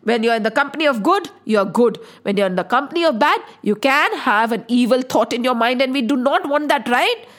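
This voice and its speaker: A woman telling a devotional story to children in an expressive, dramatic way, dropping to a hush and rising to exclamations. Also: on the high side, brisk, hardly any pauses. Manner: expressive, swinging between hush and exclamation, addresses listeners as children.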